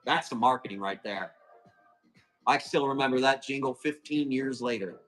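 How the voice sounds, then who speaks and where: A man hosting a live plant auction stream, chatting casually and calling quick countdowns, with a casual swear here and there. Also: medium pitch, fairly bright tone, soft background music, rough recording. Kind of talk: livestream sales chat.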